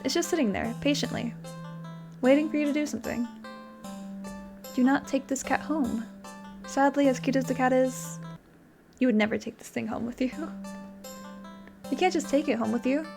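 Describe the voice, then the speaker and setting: A woman's voice: sits high, normal speed, creaky, long pauses, music in the background. A young woman playing a video game, reading its narration aloud dramatically and chatting in between with hesitant fillers. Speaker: game streamer. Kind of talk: let's play, reading game text aloud.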